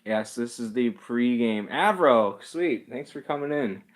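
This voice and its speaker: A man's voice: mid-range voice, expressive, a little slow. A man hosting a livestream, chatting casually and rambling with chuckles and self-deprecating asides. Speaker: livestream host. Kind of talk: casual chat reading live comments.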